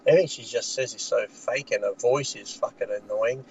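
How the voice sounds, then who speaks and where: A man's voice: mid-range voice, fairly quick, creaky, a little mellow, a little hiss or hum, poor audio. An Australian man talking in a blunt, casual chat, swearing freely and laughing often, recording from inside a car. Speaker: podcast co-host.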